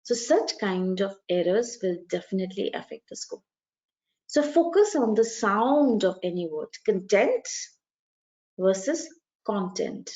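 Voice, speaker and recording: A woman's voice: medium pitch, animated, moderate pace, darkish tone, dull audio. A woman teaching an exam speaking lesson, explaining step by step with examples and stressing key words. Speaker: IELTS speaking coach. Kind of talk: video lesson.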